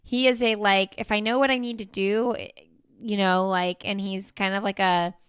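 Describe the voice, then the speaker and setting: A woman in her thirties hosting a podcast, chatting casually with plenty of fillers and getting animated when she vents. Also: medium pitch, moderate pace, smooth, dry recording, studio quality. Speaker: podcast host. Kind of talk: casual chat.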